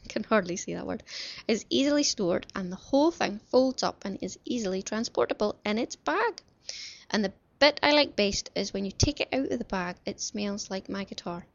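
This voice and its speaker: A woman's voice: mid-range voice, vocal fry, no echo. A woman hosting a chatty craft podcast from her bedroom at home, cheerful and rambling with self-deprecating asides. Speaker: podcast host. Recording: slightly dull lo-fi home recording.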